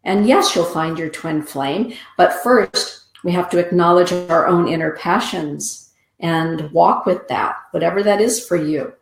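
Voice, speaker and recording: A woman's voice: fairly low pitch, unhurried, gravelly, roomy sound, rough recording. A woman hosting a show, giving soothing, affirming oracle card readings and greeting listeners by name.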